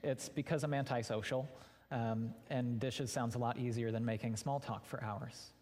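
A man's voice: medium pitch, steady tone, moderate pace, darkish tone. Man preaching in a reverberant hall. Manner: conversational, candid, addresses listeners directly. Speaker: pastor. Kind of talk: sermon. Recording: long reverb of a large hall.

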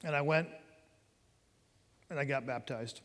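A man's voice: medium pitch, a little slow, a bit bright. A middle-aged man telling his personal testimony in a conversational sermon, addressing his listeners directly. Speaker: preacher giving testimony. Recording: long hall reverb.

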